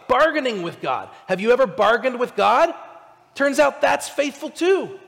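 A male pastor giving a conversational, animated sermon, asking his listeners direct questions. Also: sits high, in a large hall.

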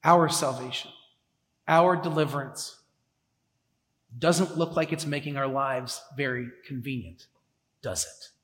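A man's voice: medium pitch, unhurried, long pauses, a bit bright. A man preaching a sermon in a conversational way, with emphatic repetitions, in a church sanctuary. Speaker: pastor. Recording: echoey hall with long reverb.

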